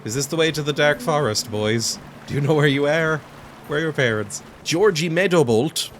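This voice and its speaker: A man's voice: on the high side, lively intonation, moderate pace, slight background noise. A man hosting a let's play, making sarcastic jokes about the game as he plays. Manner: sarcastic, joking, laughs often. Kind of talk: jokey gameplay commentary.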